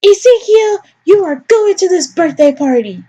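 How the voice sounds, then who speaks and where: A woman's voice: very high-pitched, big pitch swings, moderate pace, mellow, highs cut off, voice pushed up. A woman voicing a clingy, manipulative mother who coaxes her son with pet names. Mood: sweetly controlling. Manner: coaxing, calls him baby and pet names. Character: clingy manipulative doting mother, sickly sweet.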